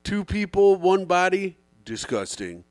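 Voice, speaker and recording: A man co-hosting a comedy podcast who brags and throws mock insults in loose banter. His voice sits a little high for a man. The recording is close and dry. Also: very animated, moderate pace, no room sound. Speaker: podcast co-host.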